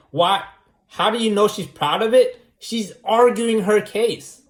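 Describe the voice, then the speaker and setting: A man's voice: sits high, a little slow. A man in a casual monologue who argues his point over and over and keeps asking "right?". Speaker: vlogger. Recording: echoey room.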